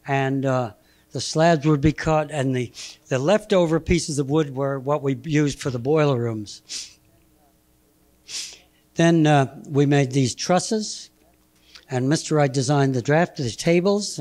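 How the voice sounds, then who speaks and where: A man in his eighties giving a halting, anecdotal slide talk, chuckling between memories. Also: on the high side, darkish tone. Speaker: guest speaker presenting slides. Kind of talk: anecdotal lecture.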